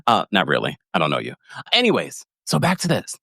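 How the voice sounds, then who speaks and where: A man with a fairly low voice hosts a podcast, his pitch leaping around as he dishes gossip with a playful grin. The sound is dry and close. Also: huge pitch swings, fairly quick, vocal fry, sharp tone, breathy edge, no room sound. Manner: gossipy, playful, laughs often. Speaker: podcast host. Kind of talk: casual chat.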